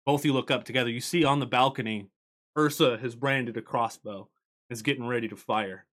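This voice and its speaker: A man narrating as game master in a tabletop game, playful and animated. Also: mid-range voice, a little fast.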